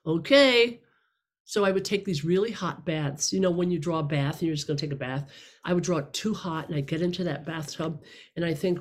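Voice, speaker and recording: A woman's voice: fairly low pitch, a little fast. Middle-aged woman, candid rambling testimony, speaking to a room. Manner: candid, rambling, self-deprecating. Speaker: speaker sharing her story. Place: room with listeners.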